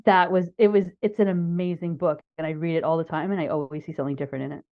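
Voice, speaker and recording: A woman guest on a podcast speaks in a lowish voice, earnest and emphatic as she makes her points. Her sound is a little dull and lo-fi, as if heard over a remote call line. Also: steady tone, fast. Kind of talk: casual podcast chat.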